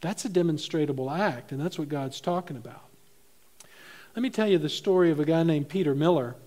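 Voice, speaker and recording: A man preaching a sermon as pastor of his church, animated, swinging between loud emphasis and soft, low asides. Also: a little fast.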